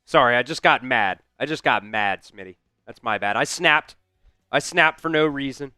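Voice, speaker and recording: With faint music behind him, this watch-along host calls football plays on a live stream, frustrated, cursing at his team and answering chat in casual commentary. He has a medium-pitched, expressive voice with a sharp, smooth tone at normal speed. The studio-quality audio has no echo.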